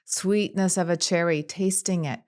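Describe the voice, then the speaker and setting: A woman clinical psychologist speaking as a podcast guest, calm and measured, running through long lists of examples. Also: on the low side. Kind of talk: podcast interview.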